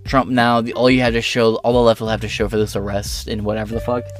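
A man's voice: fairly low pitch, level tone, quick pace, soft background music. A man hosting an online political commentary show, reading news articles aloud and breaking off into rambling, profane, sarcastic asides.

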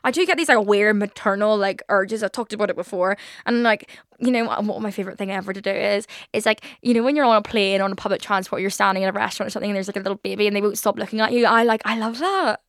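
Chatty twenty-year-old woman, fast and dry. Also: mid-range voice, steady tone, fairly bright tone, no echo. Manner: chatty, swears freely, frequent fillers. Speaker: podcast host. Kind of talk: casual solo podcast chat. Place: London.

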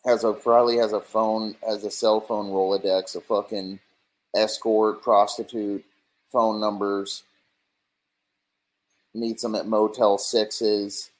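Man in casual stream rant, slightly low pitch, rambling and foul-mouthed, mocking tone. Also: flat delivery, slow, poor audio.

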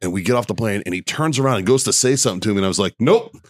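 A man's voice: lowish voice, very fast, no echo, clean studio sound. A man in his thirties from the United States, co-hosting a podcast and telling crude, profane stories with lots of laughter. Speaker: podcast co-host. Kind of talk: crude storytelling banter.

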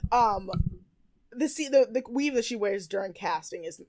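Giggly high-voiced young woman gossiping. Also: animated, moderate pace, darkish tone. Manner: giggly, laughs often, gossipy, mimics voices. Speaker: podcast co-host. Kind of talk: casual chat recapping a TV show.

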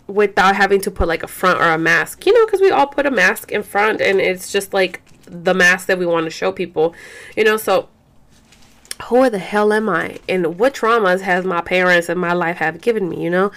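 Low-ish and fairly bright, a young woman's voice moves at a moderate pace through a casual chat to camera. She's a chatty, foul-mouthed vlogger who rambles, code-switches into Spanish, and often stumbles into fillers and restarts.

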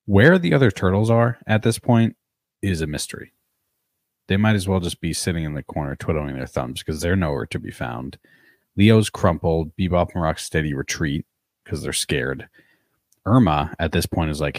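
A man's voice: very deep voice, normal speed, no echo, studio quality. A man co-hosting a podcast, recapping a cartoon episode in casual chat, swearing freely as he tells it. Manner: swears casually, animated storytelling. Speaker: podcast co-host.

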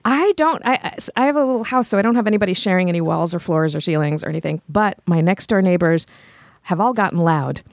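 A woman's voice: on the low side, expressive, fast talker, no echo, studio quality. A woman co-hosting a casual podcast chat, telling stories in a chatty way with lots of "like". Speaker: podcast co-host.

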